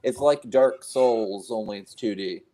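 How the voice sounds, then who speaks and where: A man's voice: fairly low pitch, measured pace, warm tone. Laid-back male co-host. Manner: brief, agreeable interjections. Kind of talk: casual podcast chat.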